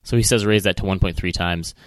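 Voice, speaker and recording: Low-voiced Midwestern man, dry close sound. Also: fast, dry recording. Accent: Midwestern American. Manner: relaxed, hedging with self-corrections. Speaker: podcast co-host. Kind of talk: casual finance chat.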